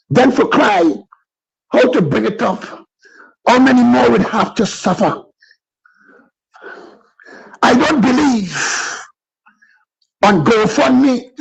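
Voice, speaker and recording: A man's voice: very high voice, creaky, slightly rough, rough recording. A man with a Guyanese accent, calling in to rant about politics with fervent, preaching passion. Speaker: caller. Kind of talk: impassioned political call-in rant.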